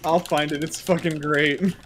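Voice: medium pitch, little pitch movement, a little slow, a bit bright, slight background noise. Game streamer riffing with friends, cursing, keyboard clacking in the background. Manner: laughing, loose, swears a lot. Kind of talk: casual chat while gaming.

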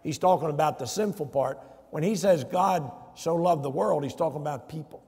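A man's voice: a little high, brisk, creaky, dark tone, breathy edge. A man, a pastor, preaching a sermon emphatically and putting rhetorical questions to his congregation in a church. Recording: long church reverb.

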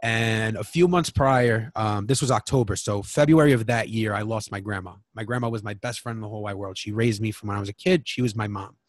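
A man's voice: lowish voice, fairly quick, few pauses, no room sound. Frank man telling his story, dry close sound. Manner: frank and emotional, swears freely. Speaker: podcast guest. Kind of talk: candid personal storytelling.

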